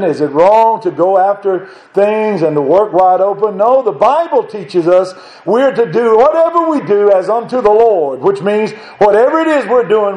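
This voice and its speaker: A man with a high voice preaches a sermon to his congregation, climbing to emphatic, insistent peaks as he presses each point. His voice rings out in an echoey church room. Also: warm tone. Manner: rising to emphatic high-pitched exhortation.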